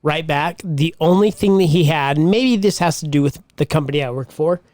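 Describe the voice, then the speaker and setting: Higher-voiced joking podcast guy. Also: brisk, darkish tone, dry recording, studio quality. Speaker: podcast co-host. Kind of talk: casual chat.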